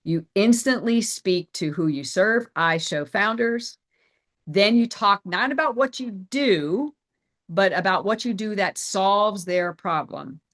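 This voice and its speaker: A middle-aged woman presenting a sales training as a business coach, energetic and emphatic, repeating her key phrases. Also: mid-range voice, a little slow. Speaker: business coach and company CEO.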